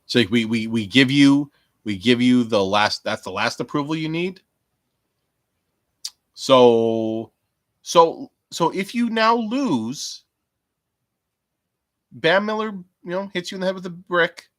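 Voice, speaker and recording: A man's voice: medium pitch, lively intonation, slow pace, pauses often, no room sound. A man hosting a rambling solo podcast from home, profane and jokey, muttering asides to himself. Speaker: podcast host.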